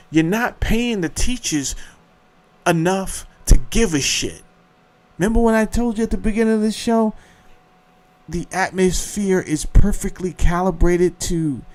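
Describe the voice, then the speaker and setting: A middle-aged man hosting a show, ranting in a heated, profane monologue. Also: high voice. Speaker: show host.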